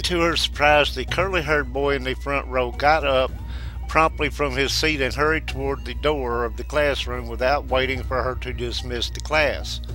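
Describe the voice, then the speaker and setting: A man narrating a ghost story as the show's host, telling it in a measured, steady way. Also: mid-range voice, low-quality recording.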